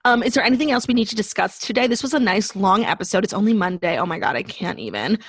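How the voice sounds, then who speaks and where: A young woman co-hosting a podcast in casual chat, talking with lots of "like" and telling stories in an animated way. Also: mid-range voice, fast, slightly rough, no room sound. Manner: chatty, lots of "like", animated storytelling. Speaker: podcast co-host.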